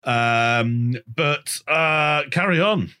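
A man's voice: fairly high pitch, extremely slow, bright, forceful tone, clean tone. A man running a quiz round in casual joking chat with friends, laughing often. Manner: laughing, joking, sings made-up tunes.

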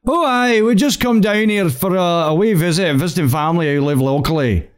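A man putting on an exaggerated, deliberately bad Scottish accent, playing a pub-goer ordering drinks. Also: high voice, clean tone, voice pushed up, lightly acted. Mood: boisterous. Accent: put-on Scottish. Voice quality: exaggerated broad put-on accent.

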